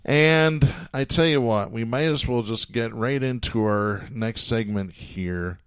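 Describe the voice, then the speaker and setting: A man's voice: mid-range voice, a little slow, clean tone, dry recording. A man hosting a political podcast, reading news stories aloud with sardonic chuckles in a casual, talky way. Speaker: podcast host.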